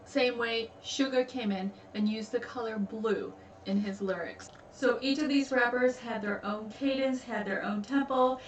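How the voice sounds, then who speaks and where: Fairly high in pitch with fairly even intonation, a woman from the United States talks at a measured pace with few pauses, reacting to a music video with long, gushing explanations. The audio has its highs cut off and slight noise, recorded in an echoey room on a distant mic with music playing behind her.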